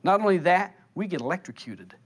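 Man, somewhat high voice, seminar sermon, conversational, playful, drawn-out emphasis. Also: animated. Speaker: spiritual teacher.

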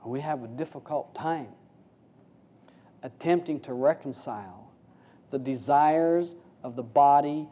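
Mellow-voiced man giving a folksy sermon. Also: on the high side, measured pace, long pauses. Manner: folksy, rhetorical questions, swings between hushed and raised. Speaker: spiritual teacher. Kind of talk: informal sermon.

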